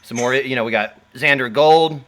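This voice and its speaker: A man's voice: mid-range voice, normal speed, noisy background. A man hosting a casual livestream, rambling with many fillers and frequent laughs. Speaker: host.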